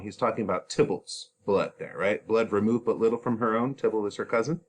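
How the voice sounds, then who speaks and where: A man's voice: on the low side, fairly quick, hardly any pauses. A man teaching a play, explaining each scene casually with chatty asides.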